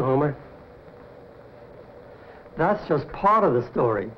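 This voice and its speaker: A man gives a measured, scripted introduction as a television host, his voice sitting a little high. The audio is dull and lo-fi, with a faint hiss beneath it. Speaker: show host. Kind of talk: scripted presentation.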